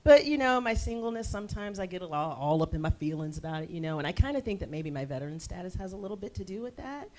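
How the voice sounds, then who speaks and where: A woman, performing a stand-up set on a theater stage, with a brassy, punchy delivery that jumps suddenly loud. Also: fairly low pitch, expressive, fast, hardly any pauses. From United States. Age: 40s. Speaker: stand-up comedian.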